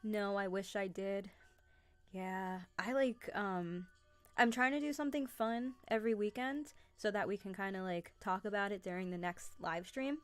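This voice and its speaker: A woman's voice: mid-range voice, moderate pace, faint music behind. Chatty young woman hosting a live stream. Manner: chatty, excitable, greets viewers by name. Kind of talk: casual live-stream chat with viewers.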